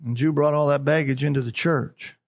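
A man's voice: on the high side, steady tone, brisk, breathy edge, muffled recording. A man preaching a sermon as a pastor, emphatic, repeating key phrases and asking rhetorical questions.

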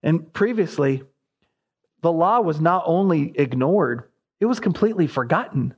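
A man's voice: a little high, lively intonation, moderate pace, husky, lo-fi sound. A man preaching an expository sermon, his voice rising sharply as he voices the prophet's cries.

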